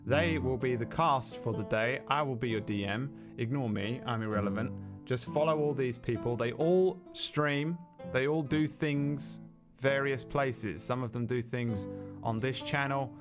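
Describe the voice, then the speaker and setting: A man at a middle pitch runs a tabletop stream as game master, tossing out playful self-mocking jokes. His talk is loose, casual banter with guitar music playing behind him. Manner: playful, joking, fast self-mocking asides.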